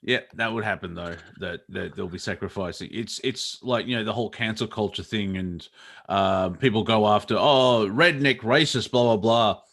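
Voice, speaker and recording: A man's voice: on the low side, steady tone, normal speed, vocal fry, fairly bright tone. A man riffs loosely on a casual comedy show. He rambles from one thing to the next and laughs his way through his own sentences, in an irreverent, joking way. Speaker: co-host.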